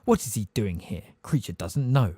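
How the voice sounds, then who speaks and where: A man voicing a hunched, spiteful old male house elf with a hoarse, deep voice, muttering resentfully under his breath. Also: expressive, normal speed, mellow, dry recording, clean studio sound. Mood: muttering, bitter.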